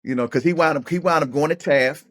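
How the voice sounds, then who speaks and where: A man's voice: on the high side, fast talker. A middle-aged man, a former football player turned coach, telling personal stories as a podcast guest, often restarting his words. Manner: animated storyteller who acts out other people's voices; repeats and restarts words while thinking. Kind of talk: casual storytelling interview.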